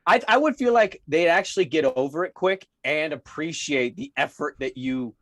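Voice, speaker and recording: A man's voice: a little high, moderate pace, a bit bright, no echo, clean studio sound. A man co-hosting a casual sports podcast, teasing his partner and laughing along. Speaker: podcast co-host.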